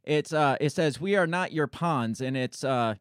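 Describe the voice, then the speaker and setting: A man's voice: on the high side, normal speed, clean tone, dry recording, clean studio sound. A man hosting a casual political podcast, rambling and blunt, swearing offhandedly. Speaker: podcast host.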